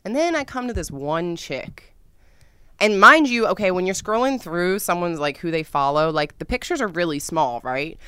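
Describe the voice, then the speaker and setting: A woman's voice: fairly low pitch, lively intonation, moderate pace, smooth, dry recording, clean studio sound. Dramatic, foul-mouthed young woman vlogger. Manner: profane, dramatic storytelling with sudden loud outbursts. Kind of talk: casual storytime vlog.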